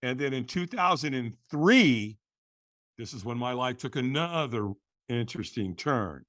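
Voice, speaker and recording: A middle-aged man, a guest on a conversational show, telling his story in a lively, animated way, full of "you know" and "right". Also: mid-range voice, unhurried, no echo, clean studio sound.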